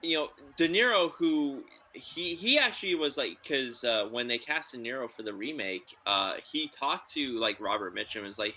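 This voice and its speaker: A man's voice: mid-range voice, moderate pace, few pauses, low-quality recording. A man hosting a podcast, chatting casually about films in a rambling way, full of fillers. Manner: rambling, filler-heavy, excitable. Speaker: podcast host. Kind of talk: casual film review chat.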